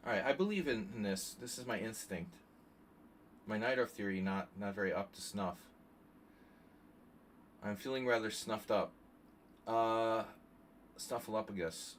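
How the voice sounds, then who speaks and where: A man streaming chess, chatting casually and thinking out loud with joking asides to his viewers. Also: fairly low pitch, a little slow, pauses often, a little hiss or hum. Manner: chatty, thinking aloud, jokey asides to chat. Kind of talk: casual live-stream commentary.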